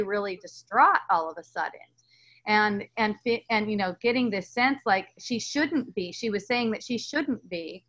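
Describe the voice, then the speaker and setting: A woman's voice: fairly high pitch, bright, forceful tone, highs cut off. A woman talking as a spiritual teacher in a casual dialogue, earnest and rambling, with many restarts and fillers.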